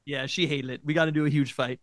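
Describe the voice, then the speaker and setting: A man's voice: fairly high pitch, fast talker, no echo, clean studio sound. A man co-hosting a casual podcast, telling a funny story about a food argument with a laugh in his voice. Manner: laughing, animated, self-mocking. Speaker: podcast co-host. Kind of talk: casual chat.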